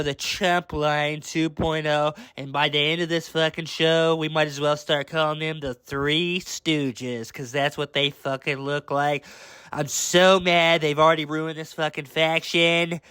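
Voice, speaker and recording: Young guy ranting mad about wrestling, cursing constantly, kinda high smooth voice, dry close mic. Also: fairly bright tone, dry recording. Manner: heated, swearing, exasperated ranting. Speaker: wrestling show reviewer. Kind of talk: angry rant review.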